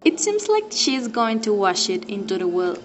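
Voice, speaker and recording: A woman's voice: a little high, very animated, moderate pace. A woman commenting on a story in scripted stage dialogue, making blunt, matter-of-fact remarks. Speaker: onstage commentator.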